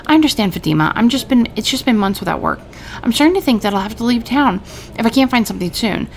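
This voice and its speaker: A woman's voice: a little high, animated, quick pace, a little hiss or hum, voice pushed up. A woman reading as a gushing male tailor. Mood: pleading. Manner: theatrical, gushing read-aloud. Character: nervous male tailor, flowery and eager.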